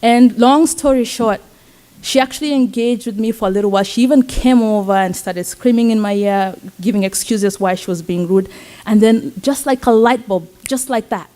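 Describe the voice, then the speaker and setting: A young Kenyan woman, a student, telling a personal story at a campus talk event in an earnest, warm way with soft laughs. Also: mid-range voice. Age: young adult. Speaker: student speaker. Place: event stage.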